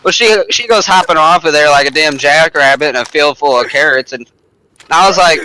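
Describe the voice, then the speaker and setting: A young man recounts a vulgar tale over game voice chat, boastful and laughing at his own punchlines. His voice is bright and forward, sitting a little high for a man. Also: normal speed, smooth, poor audio.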